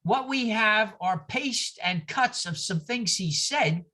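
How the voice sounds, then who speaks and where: A man's voice: high voice, lively intonation, takes it slowly, sharp tone. A man teaching a class, pointing at a map and lecturing with emphatic rhetorical asides and repetition. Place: classroom or church hall.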